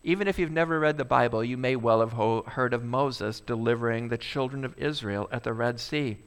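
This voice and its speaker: A male pastor preaching a sermon, asking the congregation rhetorical questions and swinging between loud bursts and quiet asides. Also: mid-range voice, a little fast, smooth.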